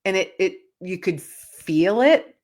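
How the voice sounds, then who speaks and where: A woman guest telling a personal story in an interview, animated, laughing often, with frequent restarts and fillers. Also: medium pitch, takes it slowly. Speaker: guest author.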